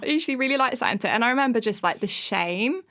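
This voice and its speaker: A woman's voice: fairly high pitch, animated, quick pace, fairly bright tone. A woman, a podcast guest, telling funny self-mocking stories in a casual interview, often breaking into laughter.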